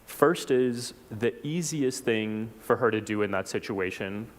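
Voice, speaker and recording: A man from South Texas giving a reflective personal talk at a church forum, unhurried, with small restarts. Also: on the low side. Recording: long hall reverb.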